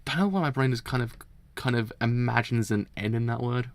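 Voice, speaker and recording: Gravelly guy reading manga notes out loud, keeps tripping on words n fixing them, chatty. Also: medium pitch, fairly quick, dry recording. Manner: stumbles over words and corrects himself; chatty and self-deprecating. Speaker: manga reaction channel host. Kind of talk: casual reading and commentary.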